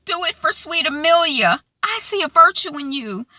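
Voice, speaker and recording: A woman's voice: high voice, animated, moderate pace, sharp tone, no echo, pitched above the performer's own voice, full character voice. A woman putting on the voice of a scheming brothel madam in a prim, pious manner. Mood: pious, wheedling.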